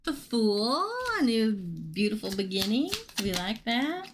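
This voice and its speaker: A woman losing her voice, hosting a casual live tarot reading and chatting excitably with viewers she calls by name. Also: mid-range voice, takes it slowly, noisy background.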